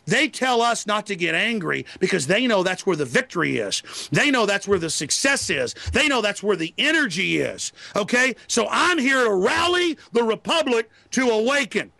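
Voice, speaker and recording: A man's voice: high-pitched, big pitch swings, moderate pace, creaky, few pauses, bright, forceful tone, no echo. A man arguing angrily as an interview guest, ranting in a declamatory way. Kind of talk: heated political argument.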